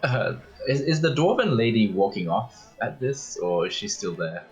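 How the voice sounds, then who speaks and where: A man's voice: mid-range voice, very animated, moderate pace, rough recording. A man playing a tabletop game, hesitantly narrating his character. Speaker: player. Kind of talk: casual role-play narration.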